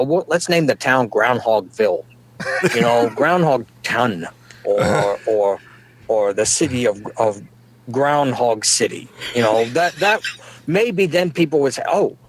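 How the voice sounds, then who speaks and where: A middle-aged man, delivering a folksy, rambling comedic monologue and chuckling at his own jokes. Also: mid-range voice. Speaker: comedic podcast guest.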